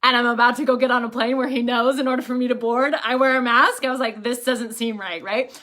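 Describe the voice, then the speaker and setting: Bright, chatty woman telling stories. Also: fairly high pitch, quick pace. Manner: animated, rhetorical questions, frequent fillers. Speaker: livestream host. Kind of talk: casual chatty storytelling to viewers.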